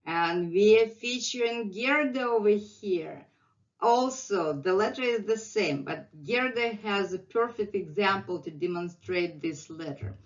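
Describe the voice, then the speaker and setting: A woman's voice: mid-range voice, measured pace. A middle-aged woman with a Russian accent teaching a language lesson, patiently repeating words for learners, recorded with dull lo-fi sound.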